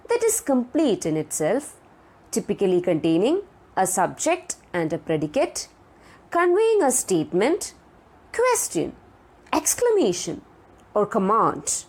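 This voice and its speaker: A woman giving a recorded grammar lecture, speaking deliberately and checking in with her students. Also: medium pitch, darkish tone. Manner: sing-song rise on example sentences.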